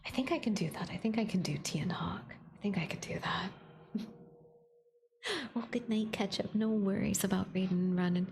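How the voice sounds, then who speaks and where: A young woman streamer chatting casually with her viewers, often dropping into a soft breathy whisper close to the mic. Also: medium pitch, normal speed. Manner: chatty, bubbly, thanks chat, excitable gasps.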